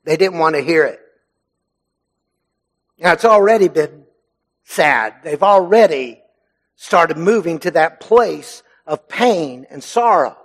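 A man preaches a sermon from a church pulpit. His voice sits fairly high for a man, and he speaks earnestly and with emphasis. His phrase endings often sink low and quiet. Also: expressive, slow pace, pauses often. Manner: earnest, emphatic, lets phrase ends drop low and soft. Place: church sanctuary.

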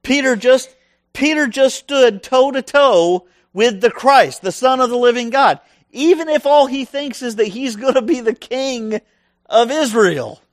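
Middle-aged male preacher, high voice, dry close sound, animated and conversational. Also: unhurried, no echo. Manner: conversational, animated, asks the audience questions. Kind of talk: sermon.

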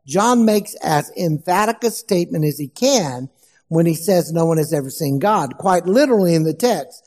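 A man preaching a sermon as pastor, slow and emphatic, asking the congregation questions. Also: a little high, expressive, a little mellow, long reverb tail.

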